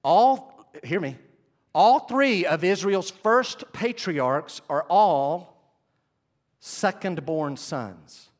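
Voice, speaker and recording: A man delivers an animated sermon in a fairly high voice. His pitch swings widely as he calls out to the congregation and draws them in. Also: extremely slow. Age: 40s. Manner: animated, direct, addresses congregation. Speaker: pastor.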